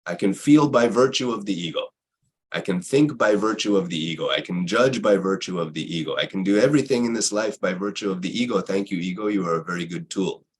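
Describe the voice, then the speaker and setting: A man in a reflective spiritual conversation who repeats phrases and asks himself rhetorical questions, with a husky voice. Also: fairly low pitch, a little fast, slight background noise.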